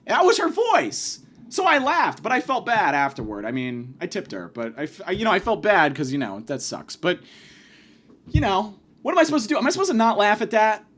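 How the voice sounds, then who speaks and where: A man's voice: high voice, sing-song, brisk, a bit bright. A man hosting a podcast, delivering a profane, sarcastic comedic rant. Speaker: podcast host.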